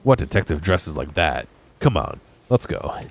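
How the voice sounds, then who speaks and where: A man's voice: low voice, sing-song, measured pace, gravelly. A congested man reading game dialogue aloud at a desk microphone, with casual jokey asides. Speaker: let's play gamer. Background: faint game music.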